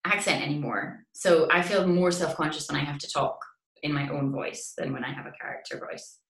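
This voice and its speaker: A woman with a Scottish accent, an actress chatting casually in an interview, animated and full of fillers. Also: sits low, a little fast, reverberant, far from the mic, low-quality recording. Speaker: actress guest.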